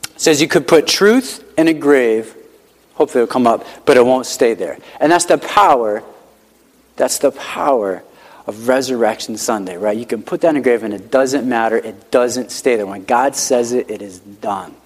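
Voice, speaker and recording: A man's voice: mid-range voice, normal speed. A male pastor preaching a sermon in a conversational, emphatic way, repeating key lines and often saying "like". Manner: conversational, emphatic repetition, frequent "like" fillers. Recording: hall with long reverb.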